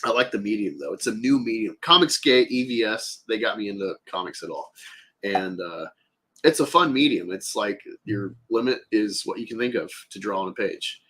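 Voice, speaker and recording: A man's voice: on the low side, expressive, moderate pace, bright, forceful tone, breathy edge. A man chatting casually as a podcast co-host, rambling and profane, with lots of filler words. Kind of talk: casual chat.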